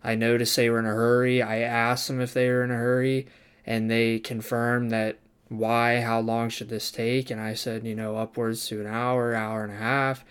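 A man's voice: medium pitch, completely flat delivery, moderate pace, a bit bright, clear, resonant tone. A young man, a barber student, telling a story casually and acting out the people he quotes, swearing now and then.

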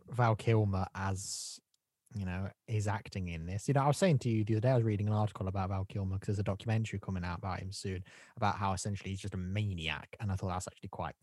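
A man's voice: lowish voice, darkish tone, no room sound, clean studio sound. A man co-hosting a casual film-review chat, rambling through his points with bursts of laughter and mock impressions. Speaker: podcast co-host.

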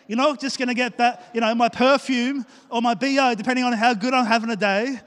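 A male pastor, preaching a lively sermon and joking as he acts out little scenes for the congregation. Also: very high-pitched, fast talker, hardly any pauses. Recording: reverberant church hall.

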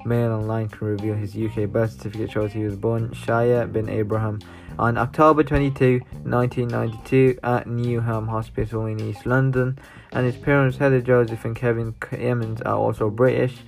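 A man reading news articles aloud, stopping often for sighing, halting asides. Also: medium pitch, flat delivery, creaky, faint music behind. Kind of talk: casual news reaction.

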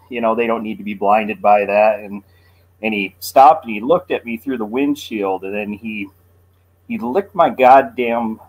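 A man with a fairly low voice speaks slowly and hesitantly, with lots of ums and restarts. His tone is relaxed and conversational. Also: poor audio. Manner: halting, hesitant, many fillers and restarts. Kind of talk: casual chat.

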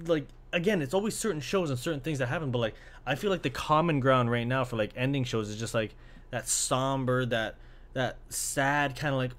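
A man in an easygoing, unscripted monologue, his voice sitting at an ordinary middle pitch. He rambles from thought to thought, swears constantly and gets worked up as he goes. He records alone in his apartment. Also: a little fast. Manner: excitable, profane, loose and rambling. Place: apartment room by a window.

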